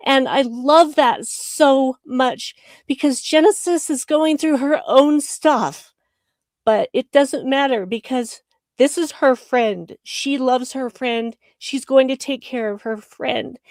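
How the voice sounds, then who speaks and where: A woman's voice: high-pitched, takes it slowly, dry recording, studio quality. A woman co-hosting a live online chat show, talking candidly and earnestly on a video call. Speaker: co-host. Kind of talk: casual chat.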